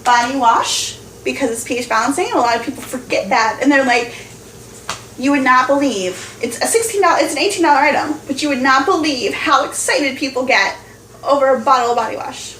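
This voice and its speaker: Woman team leader, high bright pitch, laughing casual chat, roomy far-off sound with light hiss. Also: brisk. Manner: chatty, laughing, acts out customers' voices. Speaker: team leader of home party sellers. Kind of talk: casual team meeting talk. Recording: far-off echoey room recording with faint noise.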